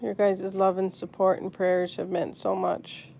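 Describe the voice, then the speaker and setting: A woman hosting a live stream from her phone, talking softly and sadly to viewers in the chat. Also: mid-range voice, level tone, unhurried, a little hiss or hum. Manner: soft, grieving, answering chat comments. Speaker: pet channel host.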